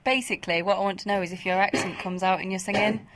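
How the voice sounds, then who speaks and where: A woman's voice: mid-range voice, fairly even intonation, fast, noisy background. Bubbly young-sounding woman panelist. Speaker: radio panelist. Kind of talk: casual radio chat.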